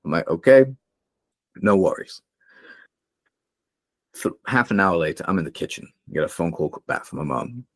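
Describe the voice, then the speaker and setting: A young man guests on a podcast, talking fast with hardly any pauses in a deep, expressive, fairly bright voice. He tells candid personal stories earnestly and emotionally, full of fillers and restarts, on a dry recording.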